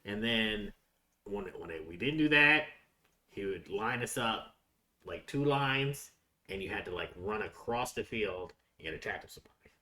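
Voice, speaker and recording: A man's voice: on the low side, moderate pace. A man co-hosting a podcast, telling stories in casual chat and laughing through them. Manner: animated storyteller, laughs through his lines. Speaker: podcast co-host. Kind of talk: casual storytelling.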